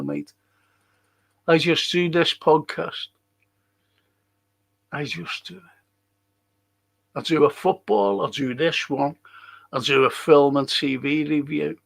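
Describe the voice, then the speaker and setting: A man's voice: fairly high pitch, vocal fry, fairly bright tone, slightly rough. An older man with a Liverpool accent, hosting a live podcast stream, reading viewer comments and telling blunt, sweary, rambling stories. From England. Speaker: podcast host.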